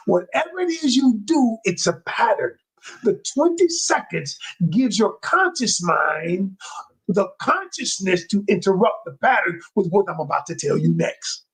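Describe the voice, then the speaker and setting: A man with a husky, slightly breathy voice gives a motivational coaching talk, his pitch swinging up and down with lively emphasis. He speaks straight to his listeners, repeats key lines for effect, and now and then drops his voice low to show calm. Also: poor audio. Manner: emphatic and repetitive, addresses listeners directly. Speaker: communication coach.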